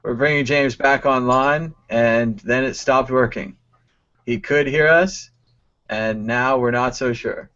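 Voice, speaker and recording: A man hosting a live online show, briskly reading out viewer comments and moving things along. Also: medium pitch, steady tone, bright, forceful tone. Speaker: host. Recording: dull lo-fi stream audio.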